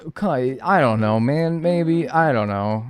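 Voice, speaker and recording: Male streamer, casual and jokey, swears freely, soft music underneath. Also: mid-range voice, animated, unhurried. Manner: playful, bantering with chat, swears, mock-outraged. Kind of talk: casual live-stream chat.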